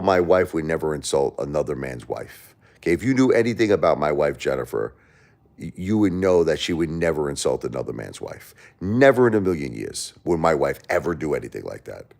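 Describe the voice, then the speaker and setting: Man, Brooklyn accent, low voice, rambling casual chat, repeats himself. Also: brisk, gravelly. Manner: animated, rambling storyteller who repeats himself. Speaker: livestream host. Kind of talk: casual chat answering viewers.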